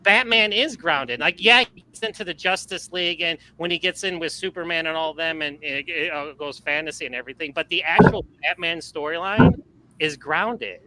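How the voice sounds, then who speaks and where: A man chatting casually about movies as a podcast guest, rambling and animated, with lots of fillers and restarts. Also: a little high, normal speed, background noise.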